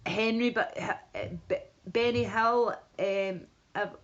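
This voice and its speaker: A woman's voice: a little high, fairly even intonation, takes it slowly. A woman chatting casually on a livestream, rambling with restarts and asides to her viewers. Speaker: livestream host. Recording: dull lo-fi stream audio.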